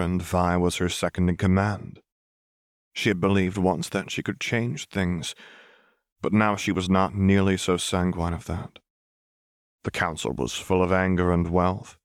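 Deep-voiced man narrating a story. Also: no room sound, studio quality. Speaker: audiobook narrator. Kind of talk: scripted narration.

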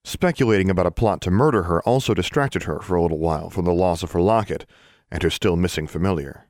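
A man narrating an audiobook in a steady storytelling manner. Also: low voice, fast talker, dry recording, studio quality.

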